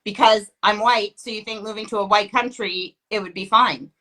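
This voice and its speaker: Here a woman from Canada talks casually in a sharp-toned, medium-pitched voice, with fairly even intonation and normal speed. She wanders from point to point, cutting herself off mid-sentence and leaning heavily on "like."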